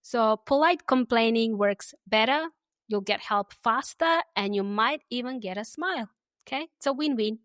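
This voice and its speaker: A woman hosting an English lesson podcast, friendly and easygoing, who says example phrases slowly and repeats them for listeners to copy. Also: fairly high pitch, animated, fairly bright tone, no echo, studio quality. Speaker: English teacher and podcast host.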